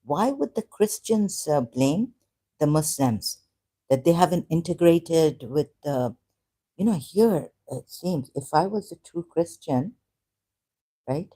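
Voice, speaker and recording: Mellow, halting Urdu-native speaker. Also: medium pitch, animated. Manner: hesitant, halting, with many fillers and restarts. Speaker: ex-Muslim vlogger. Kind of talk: casual religious monologue.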